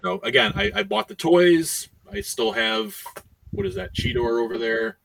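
Podcast co-host, male, high gravelly voice, rambling delivery, sits back from the mic. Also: big pitch swings, moderate pace, a bit bright. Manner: rambling, many "you know" fillers. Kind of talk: casual chat. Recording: voice distant from the mic.

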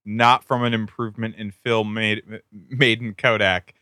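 Bright, crisp-voiced profane male podcaster. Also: lowish voice, flat delivery, measured pace, no room sound, studio quality. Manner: profane, mocking. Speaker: podcast co-host. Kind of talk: casual podcast chat.

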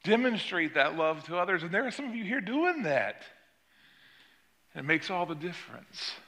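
A man's voice: sing-song, moderate pace, sharp tone. An older man, a pastor, preaching a sermon and telling a story about his granddaughter. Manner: storytelling, acts out quoted voices with rising pitch.

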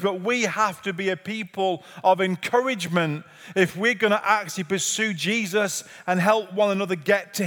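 Male pastor with a high voice, earnest repetitive preaching, long church-hall reverb. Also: fairly bright tone. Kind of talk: sermon. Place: church sanctuary.

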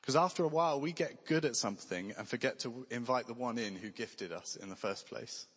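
Male preacher, earnest and conversational, mid-pitched voice, long hall reverb. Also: a little fast, a bit bright, slightly rough. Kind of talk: sermon.

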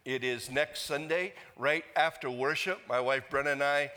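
A man's voice: fairly high pitch, moderate pace, sharp tone, smooth. A man preaching a sermon as the pastor, earnest and leading the congregation in reading aloud. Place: church sanctuary. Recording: long reverb of a church hall.

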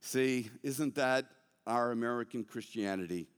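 Animated male preacher in a reverberant hall. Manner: emphatic, swinging between bursts and slow, low asides. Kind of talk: sermon.

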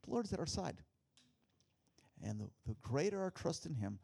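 A man preaching a sermon, telling a personal story with animated delivery and repeated rhetorical questions to the congregation. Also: a little high, moderate pace, creaky, breathy edge. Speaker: pastor.

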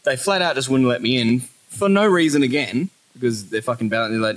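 A man's voice: medium pitch, brisk, low-quality recording. A man in his thirties with an Australian accent, a podcast co-host telling stories in casual chat, swearing freely and breaking into laughter.

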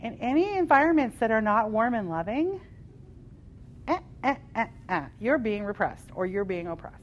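A woman's voice: on the high side, very animated, normal speed, muffled recording. Passionate woman leading a live workshop. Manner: passionate, emphatic, swings between loud and soft. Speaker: workshop leader. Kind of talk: live spiritual workshop talk. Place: workshop room with a live audience.

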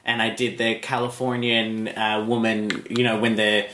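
A man's voice: fairly low pitch, flat delivery, normal speed, a bit bright, echoey room, a little hiss or hum. A man chatting casually as a comedian co-host, telling stories about his shows. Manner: chatty, storytelling. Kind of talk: casual chat.

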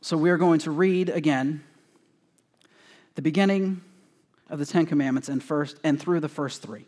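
Male pastor with a high voice, casual and joking sermon delivery, acts out quotes. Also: normal speed. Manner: conversational and joking with the congregation; animated, acting out quoted voices. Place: church sanctuary before a congregation.

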